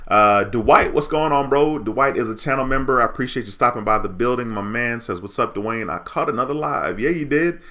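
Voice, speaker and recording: A man's voice: mid-range voice, a little fast, few pauses, sharp tone. A man hosting a casual livestream, reading viewer comments aloud in an upbeat way. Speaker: livestream host.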